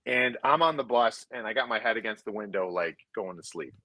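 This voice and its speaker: A man's voice: fairly low pitch, fairly quick, no room sound, low-quality recording. A man in his thirties or forties, a former hockey player and podcast guest, telling stories casually, swearing freely, and quoting others in shifting voices. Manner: animated, profane, quotes others in shifting voices. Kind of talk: casual storytelling.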